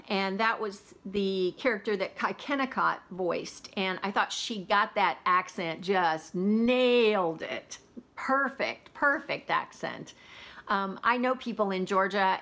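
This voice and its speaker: A woman's voice: medium pitch, pushed and bright. A woman hosting her own vlog, chatting casually about audiobooks with lots of "you know" asides. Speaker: audiobook reviewer.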